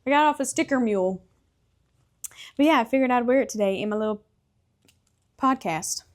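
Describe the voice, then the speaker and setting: A woman's voice: fairly high pitch, fairly quick. Chatty, laughing young woman podcaster. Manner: chatty and candid, laughs often, swears freely. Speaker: podcast host. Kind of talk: casual solo podcast chat.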